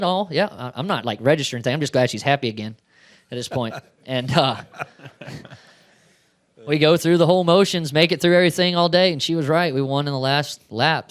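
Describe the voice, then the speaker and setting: A man, a race car driver, answering questions at a press conference in a chatty storytelling way, acting out bits of dialogue. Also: medium pitch.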